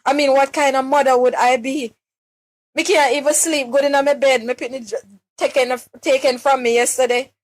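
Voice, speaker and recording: A young Jamaican woman pleads for help on a live stream, distraught and near tears, questioning her listeners and repeatedly restarting her words. Her voice is high-pitched with fairly even intonation at a normal speed.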